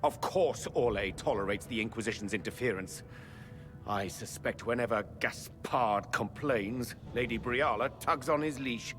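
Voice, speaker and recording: A man's voice: medium pitch, moderate pace, fairly bright tone, natural voice. An actor playing a stern, proud male ambassador in a game, speaking coldly and accusingly over game music. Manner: cold, accusing. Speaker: game character.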